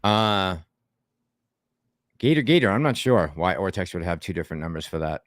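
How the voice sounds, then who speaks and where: A man's voice: low voice, expressive, normal speed, no room sound, studio quality. A man hosting a casual livestream, chatting with a co-host and reading viewer comments aloud in a rambling way. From Boston. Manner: chatty, rambling, laughs often.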